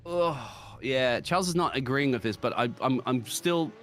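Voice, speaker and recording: An Australian man commenting on a sim racing broadcast, joking and laughing often, with excitable jumps in pitch. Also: moderate pace. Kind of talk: live race commentary banter.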